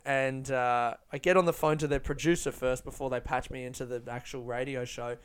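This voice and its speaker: A man's voice: mid-range voice, fairly even intonation, a little fast, hardly any pauses, clean tone. A man hosting his own podcast, telling a rambling, profane, self-deprecating story about his comedy gigs. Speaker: podcast host and stand-up comedian. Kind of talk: casual solo storytelling.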